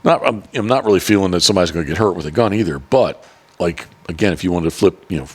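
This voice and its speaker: Brief: low-voiced male host, rambling, swears freely, casual podcast chat. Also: animated, quick pace, breathy edge. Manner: rambling and profane, with many restarts. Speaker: podcast host and duck hunting guide.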